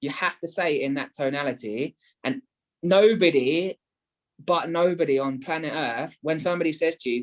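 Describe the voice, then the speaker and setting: A man's voice: on the high side, moderate pace. A man, a property investment guest in a casual podcast talk, who keeps acting out both sides of phone calls. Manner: animated, acts out phone calls.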